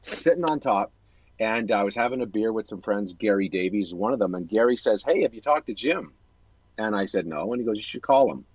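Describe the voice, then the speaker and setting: Husky man telling a story. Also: on the low side, lively intonation, brisk, rough recording. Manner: warm, rambling storytelling with self-corrections. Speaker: host. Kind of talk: casual chat.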